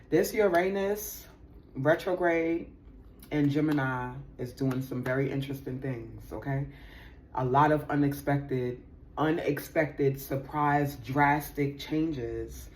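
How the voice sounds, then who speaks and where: A woman's voice: low-pitched, slight background noise. A woman doing a casual tarot reading for viewers, slangy and profane, talking with lots of feeling and laughing often. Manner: slangy, profane, animated and emotional; laughs often, addresses viewers as sis and y'all. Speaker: tarot reader.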